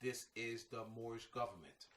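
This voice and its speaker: A man's voice: mid-range voice, normal speed, a bit bright, slight background noise. Emphatic male lecturer in an echoey room. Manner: emphatic and repetitive, street slang like "man" and "you know what I mean". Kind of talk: informal lecture. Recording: echoey room, mic at a distance.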